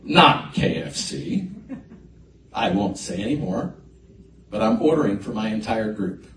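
Storytelling pastor in an echoey hall. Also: male voice, fairly low pitch, measured pace, slight background noise. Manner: animated storyteller, lively swings in loudness. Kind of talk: sermon storytelling. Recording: echoey hall mic from a distance.

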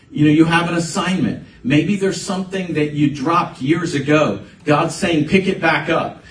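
A man preaching a conversational sermon as a pastor, building to emphatic bursts. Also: a little high. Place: church sanctuary. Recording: echoey room, voice from a distance, faint ambience.

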